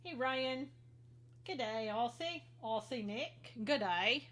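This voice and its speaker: Bright, chatty woman hosting a livestream. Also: fairly high pitch, expressive, slow pace. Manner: chatty, greets viewers by name. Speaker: livestream host. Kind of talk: casual political commentary livestream.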